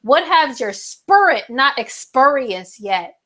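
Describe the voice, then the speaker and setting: A woman's voice: sits high, big pitch swings, slow, sharp tone. A young adult woman hosting a casual live horoscope stream on her phone, chatty and full of fillers and asides to her viewers. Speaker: astrology livestream host.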